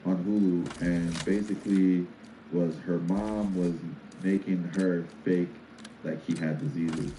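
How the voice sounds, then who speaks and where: A man's voice: sits low, fairly even intonation, slow. A man co-hosting a casual podcast chat, telling stories in a laid-back way. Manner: laid-back storytelling, reads sponsor spot. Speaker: podcast co-host. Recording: echoey room with background noise.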